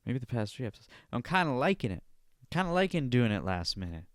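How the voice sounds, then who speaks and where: A man's voice: mid-range voice, sing-song, fast talker, no room sound, clean studio sound. Profane ranting man hosting a podcast. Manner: repeats "all right?" as a verbal tic. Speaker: podcast host. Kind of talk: solo podcast commentary rant.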